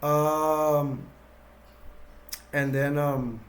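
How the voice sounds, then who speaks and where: A man's voice: fairly high pitch, flat delivery, very slow. Rambling man retelling a movie. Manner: rambling, full of fillers and restarts. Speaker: movie reviewer.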